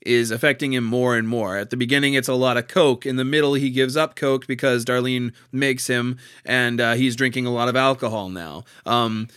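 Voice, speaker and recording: A man in casual discussion of a play, talking in a halting way with many pauses and restarts. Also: mid-range voice, fairly even intonation, fairly bright tone, clean tone, no echo, studio quality. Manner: halting, many fillers and restarts, laughs easily.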